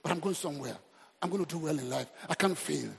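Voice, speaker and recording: A man's voice: on the high side, fast, creaky, slightly rough. A middle-aged Nigerian man preaching a humorous, exhorting sermon as pastor. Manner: animated, humorous, exhorting the crowd. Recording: reverberant hall.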